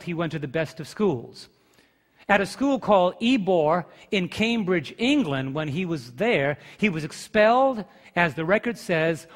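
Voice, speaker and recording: A man's voice: on the high side, long reverb tail. A man pastor preaching a sermon with emphatic delivery and rhetorical questions to his congregation. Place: church sanctuary.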